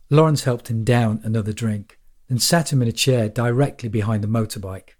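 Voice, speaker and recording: Husky man reading a story. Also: medium pitch, normal speed, darkish tone. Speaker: narrator. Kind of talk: audiobook narration.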